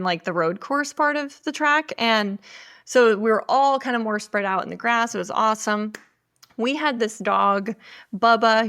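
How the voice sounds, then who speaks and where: A woman's voice: mid-range voice, fairly bright tone. A woman in her thirties hosting a podcast alone, telling a funny, embarrassing story in a chatty, self-deprecating way. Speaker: podcast host. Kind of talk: casual storytelling.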